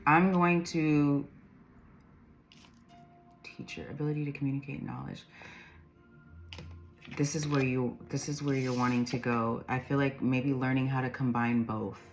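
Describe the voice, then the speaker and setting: A woman's voice: rumbling low, little pitch movement, normal speed, darkish tone, faint music behind. A woman giving an intuitive tarot reading, rambling through the cards, reading their meanings aloud and laughing often. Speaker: tarot reader.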